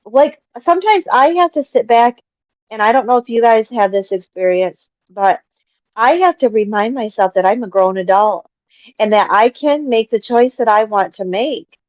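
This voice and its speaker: A woman's voice: on the high side, animated, moderate pace, darkish tone, no room sound. A woman facilitating an online support group, affirming and talking to the group as you guys. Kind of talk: casual group-support chat. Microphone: video call. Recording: dry, dull lo-fi video-call audio.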